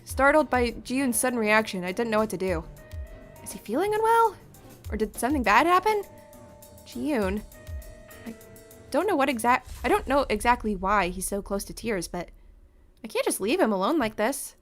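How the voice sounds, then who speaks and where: A woman's voice: on the high side, normal speed, long pauses, faint music behind. A woman streaming a let's play, reading a story game's text aloud in the first person and reacting with her own comments. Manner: animated, exclaims and laughs at the story.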